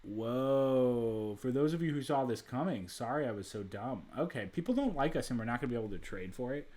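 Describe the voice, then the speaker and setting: A man's voice: medium pitch, lively intonation, a little fast, darkish tone. Man casually thinking aloud over a game. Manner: thinks aloud with frequent restarts and asides. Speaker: let's play host. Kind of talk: casual video game commentary.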